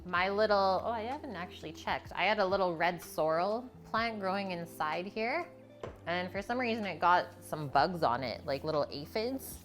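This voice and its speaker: Low-voiced woman chatting while cooking. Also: animated, normal speed, soft background music. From Canada. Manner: chatty, explains cooking steps as she goes. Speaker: cooking stream host. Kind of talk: casual live cooking chat. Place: home kitchen.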